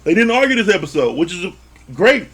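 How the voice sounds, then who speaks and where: A man with a somewhat high-pitched voice gives a loose, unscripted review of a reality TV episode. He swears freely and laughs often. He slips into quick impressions of the people on the show. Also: big pitch swings, fairly bright tone, husky. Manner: profane, laughs often, acts out quotes. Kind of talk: casual commentary.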